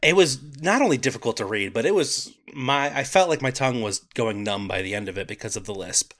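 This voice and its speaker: A man co-hosting a comedy podcast in casual chat, wry and quick to laugh. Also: mid-range voice, expressive, fairly bright tone. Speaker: podcast co-host.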